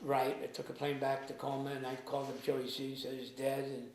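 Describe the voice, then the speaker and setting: Halting man recounting past events, echoey room. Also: mid-range voice, completely flat delivery. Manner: halting, restarts and trails off quietly. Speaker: interviewee. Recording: echoey room with faint noise.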